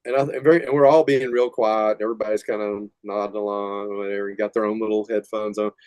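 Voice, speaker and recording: A man's voice: fairly low pitch, fast talker, smooth, no echo. An older man, a metal musician guest, telling rambling stories in a casual interview and laughing often. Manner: rambling, laughing, animated retelling.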